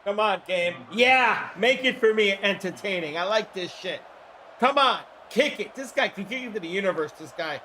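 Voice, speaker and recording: A man with a hoarse throat hosting a livestream, giving casual play-by-play commentary in an excitable, chatty way with casual swearing. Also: sits high, a little fast, few pauses, slight background noise. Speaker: livestream host.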